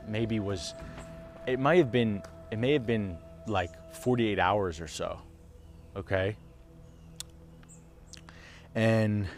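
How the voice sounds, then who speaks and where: Young male vlogger, lowish voice, blunt and emotional, hushed-to-loud storytelling, soft music underneath. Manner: raw, emotional, swearing, dips to hushed then rises loud. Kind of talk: casual storytelling to camera.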